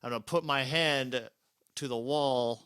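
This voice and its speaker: Male rpg player, mid pitch, dry close-miked sound, casual and profane. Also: unhurried, pushed and bright, smooth, no echo. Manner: casual, swears freely. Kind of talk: casual tabletop play.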